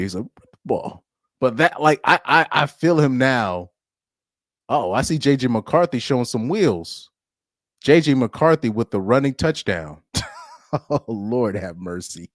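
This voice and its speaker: In a casual live stream, a man reacts to a football game, laughing often and rambling loosely with plenty of restarts. His voice is mid-range, and the audio is studio quality with no echo.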